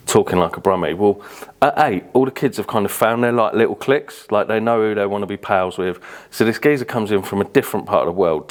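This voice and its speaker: A British man from Birmingham, a podcast guest telling rambling stories with lots of fillers and casual swearing. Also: deep voice. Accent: British English. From Birmingham, England. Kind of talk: casual interview storytelling.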